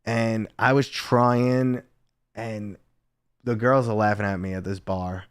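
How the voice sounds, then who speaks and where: Casual man streamer with a smooth voice. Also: fairly low pitch, steady tone, slow, no echo. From United States. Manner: casual storytelling, swearing, reading chat. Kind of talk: casual live stream chat.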